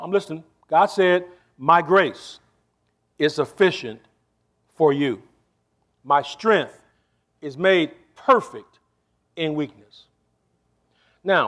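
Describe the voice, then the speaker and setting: High-voiced emphatic male pastor preaching. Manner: preacherly, emphatic, asks the congregation for response; shifts between slow stressed phrases and quick asides. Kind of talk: sermon.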